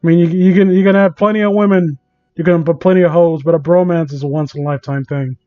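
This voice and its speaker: A man with a high voice reads fan fiction aloud for laughs. He keeps breaking off into sarcastic, incredulous, rambling commentary. The recording is dull and lo-fi. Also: fairly even intonation, fast talker. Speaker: host reading fan fiction. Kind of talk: comedic dramatic reading with commentary.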